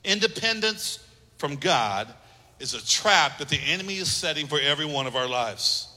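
A man's voice: a little high, expressive, moderate pace, bright, forceful tone. A man preaching a sermon as pastor, emphatic, repeating phrases and acting out little quotes. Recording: long hall reverb.

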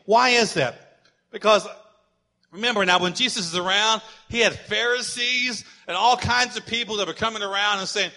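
A man preaching a sermon as pastor, emphatic and lively, building to shouted points with playful asides. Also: high-pitched, normal speed, long reverb tail.

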